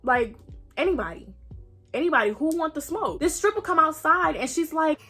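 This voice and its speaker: Young woman, bright, somewhat high voice; dramatic storytime vlogger who swears a lot. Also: lively intonation, moderate pace, soft background music. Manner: dramatic retelling, acts out quotes, swears freely. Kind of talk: animated storytime.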